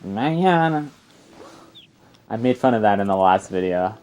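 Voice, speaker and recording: A man's voice: fairly low pitch, steady tone, fast, mellow, smooth. A young man giving casual, rambling gameplay commentary as a let's player. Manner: rambling and chatty, full of fillers and tangents. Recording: game music faintly behind. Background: faint game music.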